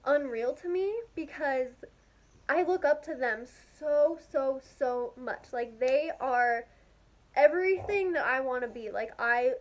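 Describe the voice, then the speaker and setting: A young woman telling a story to her camera in a casual, gushing, excitable way, filling her talk with "like". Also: high-pitched, a little slow. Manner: gushing, excitable, heavy use of "like". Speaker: vlogger.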